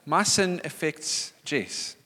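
Male preacher, lively and bright, big swings in pitch, echoing church hall. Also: slow. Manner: animated, acts out quoted voices. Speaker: pastor. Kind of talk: sermon.

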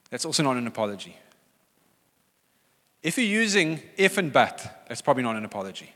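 Animated man preaching in a reverberant hall. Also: medium pitch, a little fast, pauses often. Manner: animated, emphatic, repeats key phrases. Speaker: pastor. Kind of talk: sermon. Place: church hall.

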